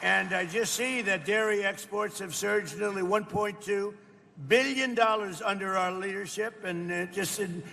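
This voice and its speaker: A man's voice: high voice, gravelly, a bit bright, in a large hall. An older American man speaking off the cuff at a roundtable, rambling and boastful, repeating his phrases. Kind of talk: off-the-cuff speech. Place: indoor event hall.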